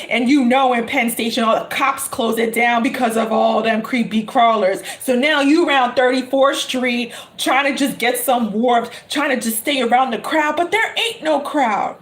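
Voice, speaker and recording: A tarot reader tells an animated, dramatic story and stretches out her exclamations. Her voice sits a little high. The room carries a noticeable echo. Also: moderate pace, hardly any pauses.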